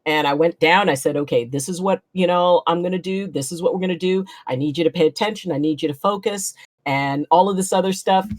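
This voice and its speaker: A woman with a slightly low voice chats casually as a guest. She tells her stories with animation, acting out what people said and breaking into laughs. Her voice sounds dry and close, with no room echo. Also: a little fast, few pauses. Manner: animated, acts out quotes, laughs often. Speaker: guest chiropractor. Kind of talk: casual storytelling chat.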